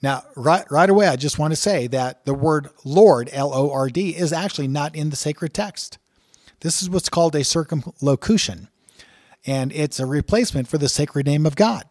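A man's voice: on the high side, darkish tone, dry recording, clean studio sound. A man teaching from scripture in an earnest way, reading passages aloud with emphatic rises and talking through their meaning. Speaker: Bible teacher.

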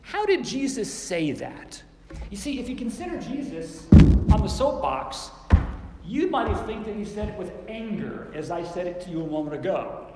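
Guy giving a chatty sermon, kinda high voice, big echoey hall w/ faint hum behind. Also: big pitch swings, normal speed. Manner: conversational, acts out quoted lines in different tones. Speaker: preacher.

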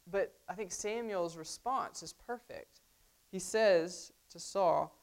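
Low-voiced woman preaching conversationally. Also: measured pace. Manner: conversational, frequent "right?" asides to the congregation. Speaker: pastor. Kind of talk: sermon.

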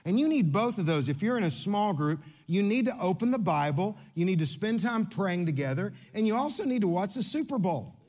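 Animated high-voiced pastor. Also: male voice, fairly quick, hardly any pauses. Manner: animated, playful, coaching volunteers on stage. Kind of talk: sermon.

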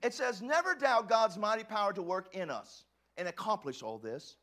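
A male pastor preaching a sermon, swinging from hushed, quiet lines to fervent shouts, often repeating words and restarting sentences. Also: high-pitched, lively intonation, moderate pace, few pauses.

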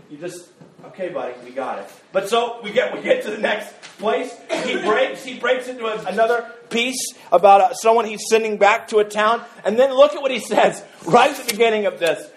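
High-voiced pastor preaching in an echoey room. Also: male voice. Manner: conversational and joking, with many repeated words. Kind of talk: sermon. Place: church sanctuary.

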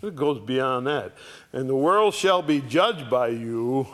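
A man teaching a Bible chapter verse by verse, reading lines and paraphrasing them in lively, pointed bursts, then dropping low for asides. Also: slow pace. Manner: animated, rising sharply to voice Paul's rebukes, dropping low for asides.

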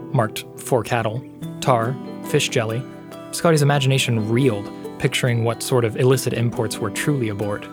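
Male narrator, measured expressive reading, middle pitch, soft music behind. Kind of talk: scripted storybook narration. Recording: faint background music.

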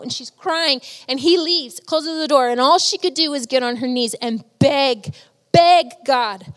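A woman's voice: sits high, normal speed, fairly bright tone, long reverb tail. A woman preaching a sermon, telling stories earnestly and with emotion.

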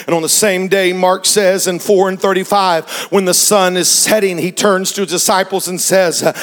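A man preaching a sermon, moving from soft storytelling to shouted emphasis, with drawn-out repetition and frequent "uh" fillers. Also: high voice.

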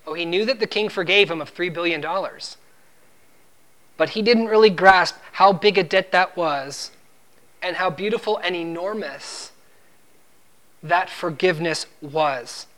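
A man's voice: a little slow, pauses often, a bit bright. A man preaching a sermon, quoting scripture and pressing his points with emphasis. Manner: emphatic, rises in pitch and volume when driving a point; quotes scripture and acts out the servant's lines.

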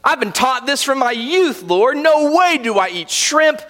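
A man's voice: extremely high pitch, expressive, measured pace, sharp tone, big-room sound, voice pushed up, full character voice. A man voicing a devout male apostle who emphatically protests against unclean food. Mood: indignant.

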